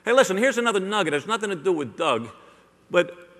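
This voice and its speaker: A man's voice: high voice, animated, quick pace, fairly bright tone. A middle-aged man giving a joking, rhetorical live sales keynote to an audience in a large hall. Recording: long hall reverb.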